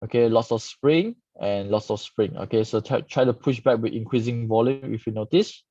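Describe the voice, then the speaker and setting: A male stock market host speaks at normal speed in a medium-pitched, dark voice while reviewing charts live. He explains things casually and keeps adding "okay," and the dull lo-fi audio is dry with no echo.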